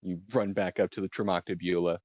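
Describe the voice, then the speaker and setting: A man narrating as game master, describing scenes with many pauses and restarts. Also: sits low, little pitch movement, a little mellow, dry recording, dull audio. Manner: halting, many ums and restarts.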